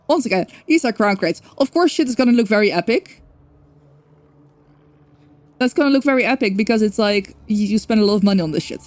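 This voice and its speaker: A woman's voice: medium pitch, a little mellow. A young woman streaming a game, chatting casually and rambling, correcting herself and swearing now and then. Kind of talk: casual livestream chat.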